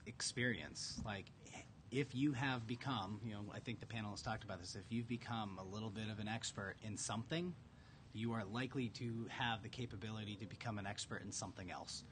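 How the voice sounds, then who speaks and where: A man working as a recruiter, answering on a conference panel with many restarts and pauses. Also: fairly low pitch, fairly even intonation, a bit bright, slight background noise. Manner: hesitant, many restarts and fillers.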